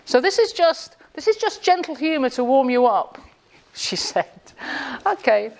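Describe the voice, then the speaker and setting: A woman lecturer with a slightly high voice teases a live group with sarcastic quiz questions. She mixes jokes into a classroom talk in an indoor room. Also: very animated, measured pace, creaky. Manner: quizzing the audience.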